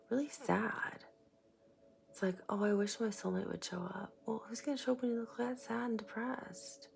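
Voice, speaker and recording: A woman giving a casual tarot reading, chatty and rambling, sometimes sinking into a soft whisper. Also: medium pitch, creaky, slight background noise. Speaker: tarot reader.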